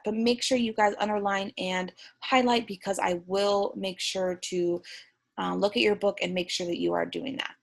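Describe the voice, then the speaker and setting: Reading a picture book to her young class, a young female teacher keeps things slow, gentle and encouraging, pausing now and then to ask the children questions. She has a gravelly, mid-range voice.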